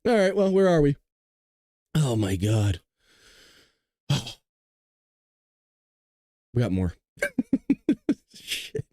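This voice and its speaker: A man's voice: mid-range voice, sing-song, takes it slowly, pauses often, dark tone, no echo, clean studio sound. Tired, giggly, profane male host. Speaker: show host. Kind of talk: casual news commentary livestream.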